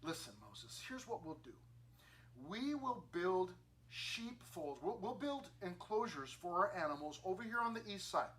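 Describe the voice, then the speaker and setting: A preacher voicing coaxing ancient tribesmen. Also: male voice, high-pitched, lively intonation, fairly quick, few pauses, pushed and bright. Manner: wheedling, persuasive. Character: tribesmen bargaining with their leader, coaxing.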